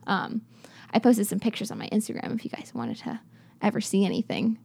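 This young travel vlogger's medium-pitched voice is mellow and husky, with vocal fry and big pitch swings, and she speaks fairly quickly. She tells travel stories casually, talking straight to her viewers with many fillers.

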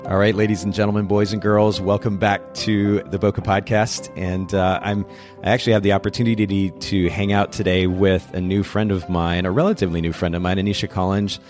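With a deep, darkish voice and level tone, a Japanese man hosts a casual podcast interview, talking a little fast. He's chatty, frequently restarting and rambling as he speaks with his guest, and faint music plays in the background.

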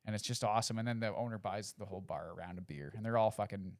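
A man talking at a quick clip in casual podcast banter, swearing freely as he tells a story. His voice is dry and close, with no room sound around it. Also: lowish voice, darkish tone, no echo. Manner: fast, profane storytelling with acted quotes.

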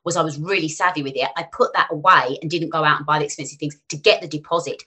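Woman, podcast guest, rapid chatty delivery, lower-pitched, bright tone. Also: fairly even intonation. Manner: fast, chatty, acts out quoted people. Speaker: guest, finance author. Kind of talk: casual podcast chat.

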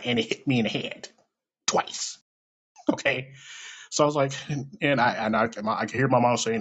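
A man's voice: mid-range voice, lively intonation, normal speed, pauses often, fairly bright tone, breathy edge, dull audio. A man telling a comedic personal story in a casual, profane, self-deprecating way.

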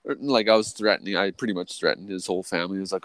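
A man's voice: very fast, hardly any pauses, no room sound. A man co-hosting a podcast, telling a long story in casual chat, swearing constantly, restarting sentences and tagging lines with "or whatever, right?". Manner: profane, rambling, full of restarts and "or whatever, right"; jumps to a much higher, louder voice when quoting people. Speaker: podcast co-host.

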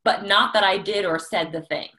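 A woman's voice: medium pitch, normal speed, bright, forceful tone. A woman co-hosting a casual chat, speaking candidly and reflectively about her own habits.

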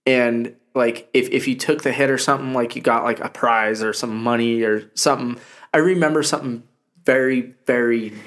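Profane young man telling animated stories. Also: medium pitch, normal speed. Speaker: podcast co-host. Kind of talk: casual chat.

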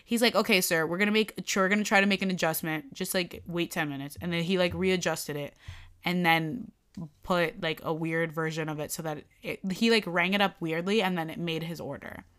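A woman's voice: on the low side, fairly quick, clean tone. A young woman in casual conversation, animatedly retelling a bad day at work and acting out the quotes. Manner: animated, lots of "like", acts out quotes. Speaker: storyteller recounting a work incident. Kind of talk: casual chat.

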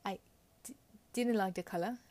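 A woman's voice: mid-range voice, normal speed, a little mellow. A woman giving casual, opinionated commentary on royal fashion, chatty with frequent fillers and little laughs.

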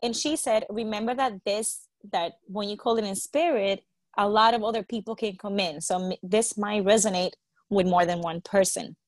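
Casting: woman, chatty storyteller, mid pitch, dry close mic. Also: normal speed, no echo. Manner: animated storyteller, quotes others, swears, laughs. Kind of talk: casual storytelling chat.

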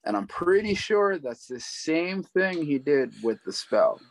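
A man's voice: on the high side, very animated, unhurried, no echo, rough recording. A man co-hosting a casual film discussion, hesitant with many ums and uhs. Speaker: co-host.

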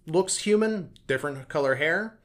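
A man co-hosting a casual podcast chat, animated and acting out quoted reactions. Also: on the high side, normal speed. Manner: animated, acts out quoted voices. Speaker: podcast co-host.

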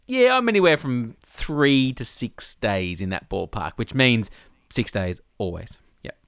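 A man's voice: mid-range voice, lively intonation, measured pace, a bit bright, clean tone, no echo. A man co-hosting a podcast, chatty, explaining research and laughing often. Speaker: podcast co-host. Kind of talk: casual chat. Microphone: studio microphone.

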